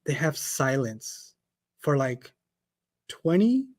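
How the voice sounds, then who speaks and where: A man leading a relaxed online Arabic lesson, joking with students and acting out little scenes. His pitch leaps around with a lot of animation. He sounds like he is on a video call. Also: slow. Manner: playful, animated storytelling with exaggerated voices. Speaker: Arabic teacher. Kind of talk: casual online Arabic class.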